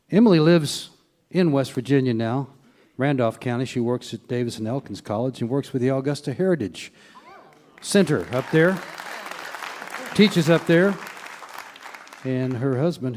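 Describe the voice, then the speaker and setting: A man's voice: mid-range voice, warm tone. A man hosting a live radio music show, introducing bands in an easygoing, folksy way. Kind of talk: live stage show announcing. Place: theater stage with live audience.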